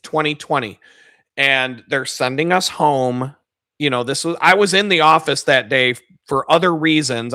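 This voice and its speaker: Brief: man, 30s, podcast host, bright tense voice, dry close mic, angry profane monologue. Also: on the high side, no room sound. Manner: profane, heated ranting with sudden shouted outbursts.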